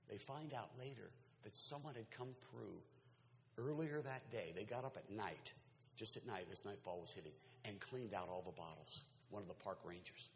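A man's voice: on the low side, a little hiss or hum. A man preaching a sermon as a pastor, telling stories in a conversational way with asides to the audience. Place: large hall. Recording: echoey hall, faint ambience.

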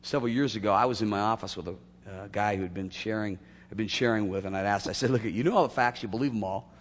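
A man preaching a sermon to his church, swinging from loud emphatic peaks to quiet asides. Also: lowish voice, fast. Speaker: pastor. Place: church sanctuary. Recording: long hall reverb.

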